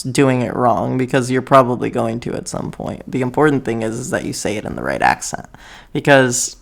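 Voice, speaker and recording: A young American man from the United States talks casually to his camera in a mid-range, gravelly voice. He rambles, corrects himself, and laughs often as a vlogger.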